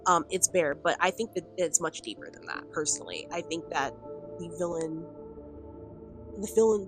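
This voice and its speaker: A woman talking casually to camera in a commentary vlog, rambling with lots of fillers and the odd laugh. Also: low voice. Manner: rambling, filler-heavy with frequent "like" and "um"; chatty, laughs between points. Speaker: video commentator. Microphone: camera on a stand.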